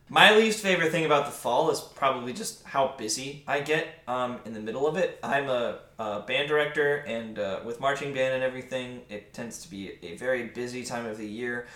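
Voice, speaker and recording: A man's voice: medium pitch, a little fast, sharp tone. A young man hosting a casual podcast chat, upbeat and rambling with lots of fillers. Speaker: podcast host. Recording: echoey room.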